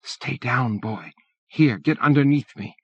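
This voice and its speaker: A man's voice: mid-range voice, sing-song, measured pace, no room sound, pitched above the performer's own voice. A man reading an audiobook, voicing a protective old grandmother who hisses urgently. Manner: hissing, urgent. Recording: dull lo-fi cassette.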